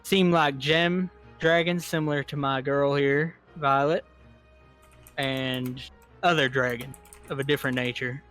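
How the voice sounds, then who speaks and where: A man playing his character in a tabletop game with a put-on American Southern accent, speaking in halting, hesitant phrases. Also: mid-range voice, steady tone, fairly bright tone, faint music behind. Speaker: player.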